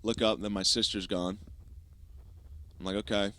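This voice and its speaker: A young man hosting a podcast, telling a comic story in a profane, animated style and acting out quick asides. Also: fairly low pitch. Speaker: podcast host. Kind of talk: comedic storytelling monologue.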